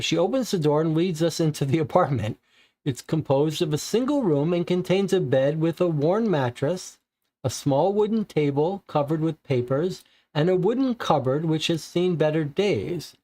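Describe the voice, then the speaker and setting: A player reading aloud and thinking out loud through a cooperative detective board game. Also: mid-range voice, lively intonation, normal speed. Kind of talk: narrating and musing over a co-op board game.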